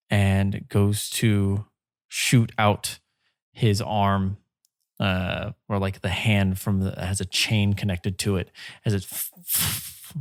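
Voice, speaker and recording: A man running a tabletop game, narrating the fight slowly and haltingly, filling gaps with "uh" and "like". His voice sits at a middle pitch and sounds dry and close, with no room around it. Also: clean tone, no room sound. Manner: slow, halting narration with many fillers. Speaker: game master.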